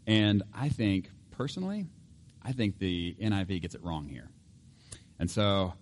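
A middle-aged pastor preaching a sermon in an animated, joking way, acting out voices and laughing often. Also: male voice, fairly low pitch.

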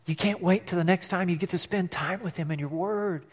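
Man, pastor, preaching a sermon, higher voice, long hall reverb, animated. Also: fairly quick, slightly rough. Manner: animated preaching, acts out quotes, asks the congregation questions.

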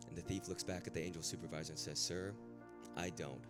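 A man preaching a sermon in a casual, conversational way that builds to impassioned, near-shouted peaks. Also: low voice, steady tone, quick pace. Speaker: pastor. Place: large hall with a live audience. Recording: long hall reverb, faint music.

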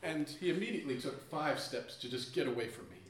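Male live storyteller, wry and self-deprecating, stumbles and restarts often; boomy room, mic well away from him. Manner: halting, self-mocking, frequent restarts. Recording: echoey room, distant mic.

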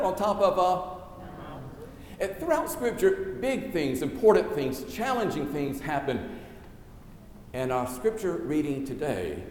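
A man preaches from the pulpit in a fairly high voice, measured and emphatic, throwing out rhetorical questions. His words ring through a large church with a long, roomy reverb. A faint hum of noise sits underneath. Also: darkish tone. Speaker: pastor. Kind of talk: sermon with scripture reading.

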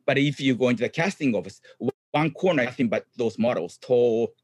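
A middle-aged man, a guest chatting in an interview in upbeat, halting English full of ums. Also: mid-range voice, no echo. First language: Japanese. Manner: upbeat, frequent ums, non-native phrasing. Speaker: guest, clown comedian and actor. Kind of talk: casual interview chat.

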